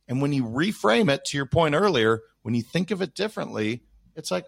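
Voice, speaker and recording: Male guest, gravelly and husky voice, slightly high, reflective casual talk. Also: brisk, no echo. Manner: animated, reflective storytelling with self-corrections. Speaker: podcast guest. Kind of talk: casual conversation.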